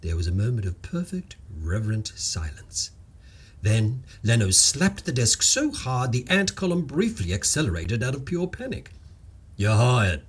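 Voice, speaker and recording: A man narrates a comic story with a husky, slightly breathy voice. His delivery is wry and playful, swinging widely in pitch from line to line. The pitch sits in an ordinary middle range for a man. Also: wildly swooping pitch, normal speed.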